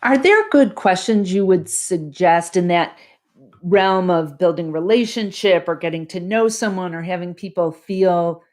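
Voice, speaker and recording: A woman hosting an interview who asks long, thoughtful questions in a measured way. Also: fairly low pitch, lively intonation, a little mellow. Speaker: interview host.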